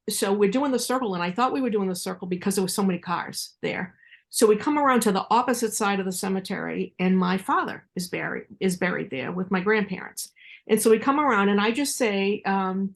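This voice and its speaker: Woman, podcast co-host, gravelly voice, relaxed measured storytelling. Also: medium pitch. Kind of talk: casual storytelling chat.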